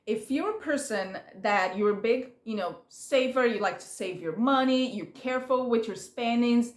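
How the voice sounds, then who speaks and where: A woman's voice: a little high, normal speed. Chatty woman vlogger in an echoey room. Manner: chatty, gossipy, animated quoting of others. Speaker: recap vlogger. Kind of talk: casual chat.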